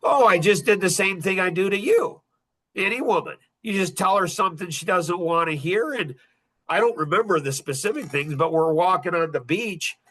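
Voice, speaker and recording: A man's voice: high voice, animated, moderate pace, a bit bright. A middle-aged man hosting a podcast in casual talk, blunt and rambling, often repeating himself. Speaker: podcast host.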